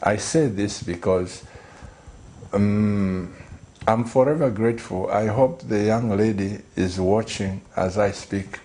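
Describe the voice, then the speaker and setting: Earnest pastor with a dark voice. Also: male voice, on the low side, slow, a little hiss or hum. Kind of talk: earnest storytelling on a talk show.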